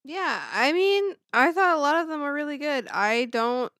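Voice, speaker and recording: A tired woman with a slightly high voice co-hosts a late-night podcast, blunt and self-mocking with plenty of swearing. Her voice is dry and close on the mic at a home setup. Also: animated, normal speed, fairly bright tone, no room sound. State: tired, yawning. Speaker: podcast co-host. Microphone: podcast microphone.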